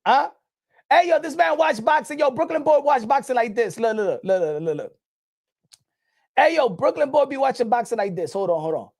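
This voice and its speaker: Animated, mocking New man ranting. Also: very high-pitched, moderate pace, dry recording, studio quality. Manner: loud, mocking, laughing, with stammered restarts. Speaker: boxing commentator.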